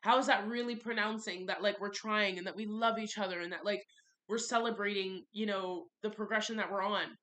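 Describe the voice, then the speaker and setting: A woman's voice: medium pitch, fairly even intonation, fairly quick, pushed and bright. A young woman tells a confessional vlog story with frank frustration. She rants and piles up repeated phrases to hammer her point home. She sounds like she is talking casually to her followers. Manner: candid, frustrated, ranting, repeats for emphasis. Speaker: vlogger.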